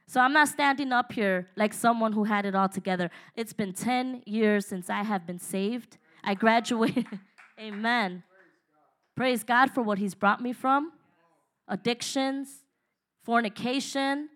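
A woman's voice: a little high, unhurried, a bit bright. A woman preaching a sermon in an emphatic, exhorting way, with laughs and asides to the congregation.

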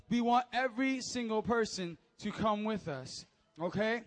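A young man, a youth pastor, giving energetic, joking announcements and preaching to teens, often calling for amens. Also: high voice, a little slow.

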